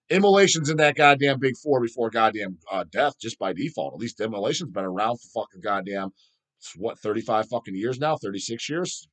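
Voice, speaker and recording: A man's voice: mid-range voice, moderate pace, a bit bright. A middle-aged man hosting a solo vlog, ranting heatedly and profanely. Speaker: channel host.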